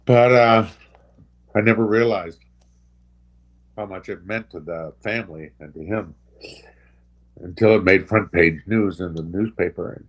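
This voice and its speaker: An older man with a fairly low voice, a guest sharing anecdotes in a relaxed, unscripted way. He pauses, backtracks and restarts often, and his stories can turn emotional. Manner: halting, with many pauses and restarts; gets emotional while recovering. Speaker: special guest. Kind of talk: casual anecdotal storytelling.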